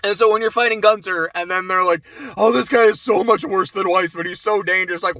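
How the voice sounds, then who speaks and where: A young man giving a casual spoken game review, animated, swearing and going off on asides. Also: high voice, no echo. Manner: animated, swears, laughs often, trails off into asides.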